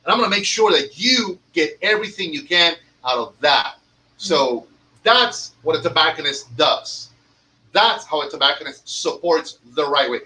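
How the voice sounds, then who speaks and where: Man, tobacconist, profane emphatic storyteller, high pitch, bright tone. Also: lively intonation, moderate pace, low-quality recording. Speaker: cigar lounge owner and tobacconist. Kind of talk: casual podcast rant.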